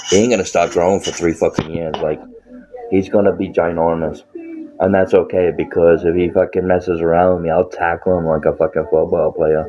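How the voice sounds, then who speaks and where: A man's voice: deep voice, little pitch movement, a little fast, dark tone. A man talking casually about his life, blunt and full of swearing, often laughing. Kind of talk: casual profane monologue. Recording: dull lo-fi sound.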